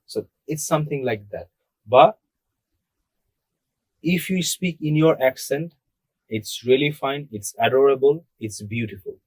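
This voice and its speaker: A man's voice: mid-range voice, a little slow, pauses often, slightly rough, dry recording. A young man from Bangladesh, talking casually on a podcast and making his points emphatically with rhetorical questions. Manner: emphatic, asks rhetorical questions and answers them. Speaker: podcast co-host. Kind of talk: casual discussion.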